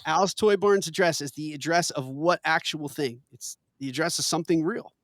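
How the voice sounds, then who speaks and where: A man's voice: on the high side, normal speed, a bit bright, no room sound. A man hosting a casual trivia game, reading questions with playful emphasis and laughing often. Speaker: quiz host.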